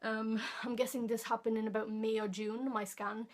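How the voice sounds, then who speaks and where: A woman's voice: a little high, little pitch movement, normal speed. Rambling teen girl telling a story. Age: teens. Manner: rambling, many fillers and restarts. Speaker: vlogger. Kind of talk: casual storytime vlog.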